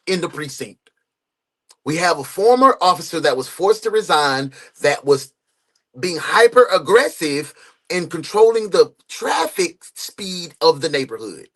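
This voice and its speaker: A man hosting a live true crime reaction stream, greeting viewers by name and reading their comments in an animated way. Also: a little high, measured pace. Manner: animated, greets chat members and reads comments aloud. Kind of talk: casual live reaction chat.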